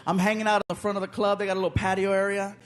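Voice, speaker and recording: High-voiced man doing lively stand-up. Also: racing. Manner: animated, acts out voices. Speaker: stand-up comedian. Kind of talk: stand-up storytelling. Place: comedy club stage. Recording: loud laughing crowd, noisy club.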